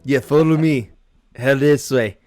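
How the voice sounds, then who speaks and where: A man's voice: medium pitch, a little slow, darkish tone, no room sound, lightly acted. A man voicing a stiff Warforged guard construct. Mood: polite. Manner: formal, curt questioning. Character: stern male Warforged palace guard construct.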